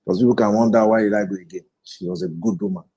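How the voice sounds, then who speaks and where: Guy in his 40s, husky mellow voice, earnest and reflective, sharing his story in an interview. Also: on the low side, steady tone, fast talker, low-quality recording. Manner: earnest, reflective, retells conversations. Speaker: guest speaker. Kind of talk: personal testimony in an interview.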